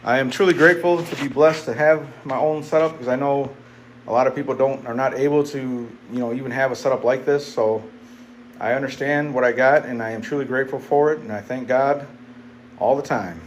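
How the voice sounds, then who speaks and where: A man's voice: medium pitch, moderate pace, fairly bright tone, a little hiss or hum. A man vlogging casually to his viewers between sets in his home weight-training setup. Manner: laid-back, chatty, talks to viewers directly.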